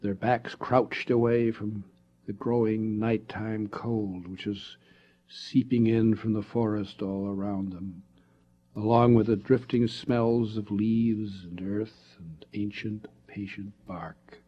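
A man narrating a spooky storybook tale in a slow, deliberate reading style. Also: fairly low pitch, steady tone, breathy edge, dull audio.

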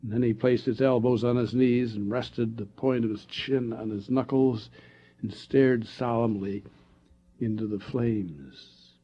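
A man narrating a spooky storybook tale in a slow, deliberate reading style. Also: medium pitch, steady tone, husky, dull audio.

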